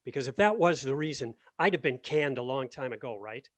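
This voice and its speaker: A man's voice: medium pitch, expressive, fairly quick, close to an everyday voice. A man reading a sarcastic artistic director. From Washington, D.C. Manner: sarcastic, needling. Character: sarcastic combative male theater artistic director. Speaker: actor reading a play over video call. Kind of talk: staged play reading. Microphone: video call.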